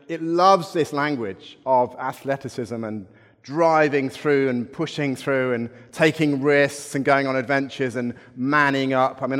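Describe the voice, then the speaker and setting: Middle-aged man preaching in a reverberant hall. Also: medium pitch. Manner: conversational storytelling with wry asides. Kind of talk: sermon.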